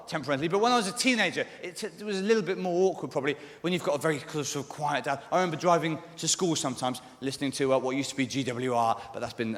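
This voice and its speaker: A man performs live stand-up comedy on stage at a large venue, rambling and hedging with plenty of ums and sort-ofs. His voice is a little high with a fairly bright tone, and the recording picks up the echoey hall from the stage.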